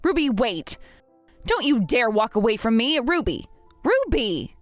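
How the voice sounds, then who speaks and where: A woman's voice: fairly high pitch, very animated, measured pace, dry recording, soft background music. A woman voicing a fed-up young woman who stands up to a snobbish rival in a text-message drama, in a firm and indignant manner.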